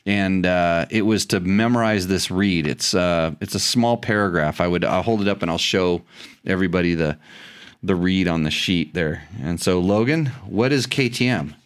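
A man's voice: deep voice, normal speed, smooth. A middle-aged man hosting a casual podcast, joking and teasing, often restarting his sentences. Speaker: podcast host. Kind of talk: casual chat.

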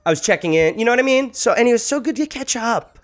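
Lively, animated comedian man. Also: extremely high pitch, quick pace, faint music behind. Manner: animated storyteller, breaks into shouted impressions. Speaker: podcast co-host. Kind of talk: casual comedy chat.

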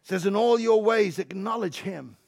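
A male pastor preaching a sermon in a church, swinging between loud emphatic lines and quiet, joking asides. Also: normal speed, creaky. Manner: swings from loud shouting to hushed low asides, jokey and emphatic.

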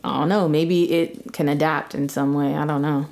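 Low-voiced young woman, teasing chat. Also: steady tone, moderate pace, a little mellow. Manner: laid-back, teasing, poses scenarios. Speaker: podcast co-host. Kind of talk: casual couple podcast chat.

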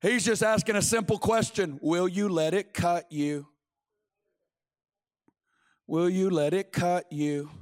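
A man's voice: high-pitched, takes it slowly, long pauses. A man preaching a sermon in a church, fervent and driving his points home by repeating phrases. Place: church sanctuary.

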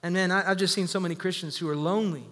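A man preaching a sermon to his church, energetic and calling out to the congregation. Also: high voice, rapid-fire. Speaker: pastor. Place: church sanctuary. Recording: echoey hall.

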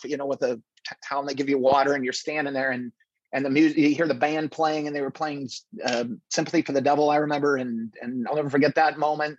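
A man, a stand-up comedian, telling stories in a casual interview, animated and full of restarts and acted-out quotes. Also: medium pitch, no echo, lo-fi sound.

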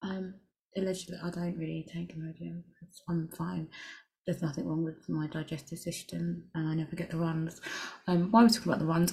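Chatty woman with a lowish voice. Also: level tone, moderate pace, creaky, a little mellow. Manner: candid, crude jokes, rambling asides. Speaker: podcast host. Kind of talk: casual solo podcast chat.

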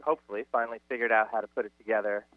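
A man calling in to a radio show, speaking hesitantly and softly about his plans. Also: lowish voice, little pitch movement, racing, dry recording. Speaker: caller. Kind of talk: phone-in conversation. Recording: tinny phone line.

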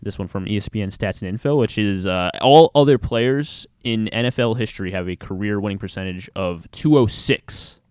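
A man's voice: lowish voice, normal speed, hardly any pauses, a little mellow, clean tone, no echo, studio quality. A man co-hosting a sports talk show, reading football stats in an easygoing way. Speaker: sports radio co-host.

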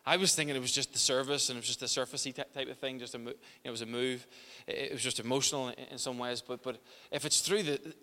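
A man's voice: medium pitch, steady tone, quick pace, hardly any pauses, pushed and bright, in a large hall. A man preaching a sermon as pastor in a church, impassioned, often restarting and repeating words.

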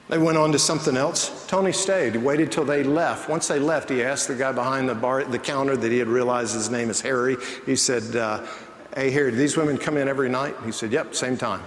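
A man's voice: mid-range voice, fairly quick, a little hiss or hum. A man preaching a sermon, telling a story and acting out the voices of the people in it. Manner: animated, acts out quoted voices in the story. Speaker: pastor. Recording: echoey church hall, faint ambience.

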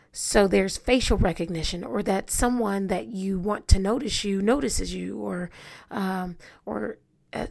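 A woman's voice: mid-range voice, vocal fry, a little mellow. A woman hosting a solo podcast, talking earnestly and asking her listeners rhetorical questions, often repeating words as she goes. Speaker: podcast host. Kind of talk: reflective solo podcast talk.

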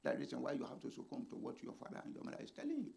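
A man preaching a sermon as a pastor, swinging dramatically between shouted lines and hushed ones. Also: medium pitch, sing-song, rapid-fire, creaky.

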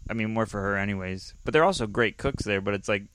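A man's voice: fairly low pitch, quick pace, a bit bright, slight background noise. A man telling stories in a casual chat, rambling and restarting sentences, laughing often.

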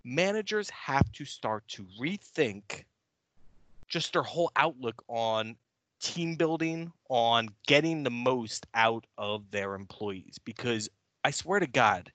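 A man's voice: mid-range voice, animated, slow pace, a bit bright, no echo. Blunt, swearing co-host, a man. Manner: blunt and heated, swears, rants. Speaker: podcast co-host. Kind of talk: casual podcast chat. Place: New York City.

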